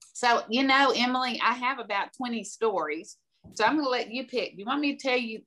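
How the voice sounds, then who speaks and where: A woman's voice: fairly high pitch, fairly bright tone. An older woman from the American South, a podcast guest giving direct, emphatic advice and telling stories. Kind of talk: conversational advice.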